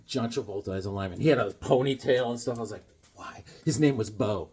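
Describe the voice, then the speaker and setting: A middle-aged man chatting casually as he shows off his comic books, telling stories in a lively way and laughing often. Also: medium pitch, fast, slightly rough. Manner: animated storyteller, laughs often, acts out voices. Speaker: comic book collector vlogger. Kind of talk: casual chat showing comics.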